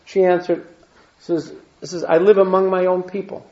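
A man's voice: high voice, little pitch movement, normal speed, a little mellow. A man reading scripture aloud and explaining it as a Torah teacher, breaking in with plain asides and Hebrew terms. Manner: reads verses then adds plain asides and Hebrew terms. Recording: dull lo-fi recording.

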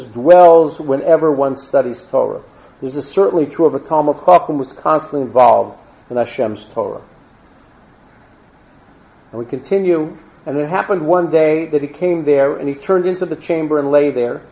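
A man with a fairly high, darkish-toned voice reads scripture aloud and explains it as a Torah teacher. He reads verses, then breaks in with plain asides and Hebrew terms, on a dull lo-fi recording.

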